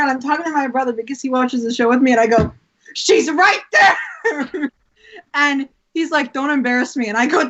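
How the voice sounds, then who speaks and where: A young woman, a guest on a podcast, telling excited stories and laughing often. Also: high voice. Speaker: guest performer. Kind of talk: casual interview chat. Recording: dull lo-fi audio.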